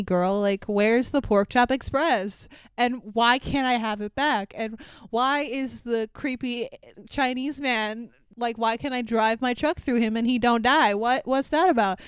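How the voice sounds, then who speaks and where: Animated, swearing woman with a smooth voice. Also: a little high, dry recording. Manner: animated, swearing, mock-confused, acts out characters. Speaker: podcast co-host. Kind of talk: casual movie review chat.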